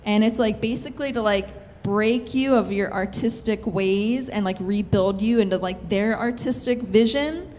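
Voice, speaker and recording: A woman's voice: medium pitch, moderate pace, few pauses, a little mellow. A young woman telling a true-life story on stage, chatty and giggly, with lots of filler words. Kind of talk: live comic storytelling. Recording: hall reverb, faint room noise.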